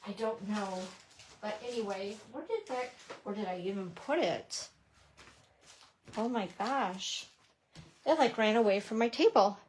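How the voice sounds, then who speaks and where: Here the middle-aged papercrafting teacher talks a little slowly with frequent pauses, her mid-range voice slightly mellow against faint background noise. She's bubbly and chatty on the live stream, greeting viewers and teasing herself while demonstrating.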